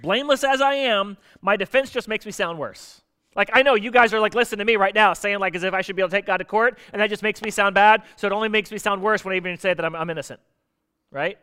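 A man preaching a sermon in a conversational, animated way, often putting questions to his listeners. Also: sits high, racing, smooth. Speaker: pastor.

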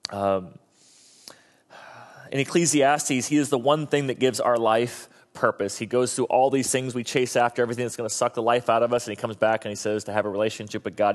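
A male pastor preaching a sermon, an animated storyteller who slips into high comic voices when quoting. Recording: long reverb of a large hall.

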